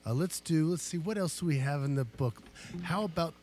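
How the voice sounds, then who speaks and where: An easygoing man talking in a slightly higher register, a guest musician in a studio, rambling loosely with fillers and restarts. Band instruments sound clearly behind him. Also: a little fast, a little mellow, faint music behind. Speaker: guest musician, guitarist and singer. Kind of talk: casual studio chat.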